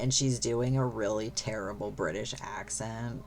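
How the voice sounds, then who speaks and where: Slow, gravelly streamer chatting over a game. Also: mid-range voice, steady tone, a crowd in the background. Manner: rambling, swears freely, many fillers. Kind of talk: casual chat while gaming.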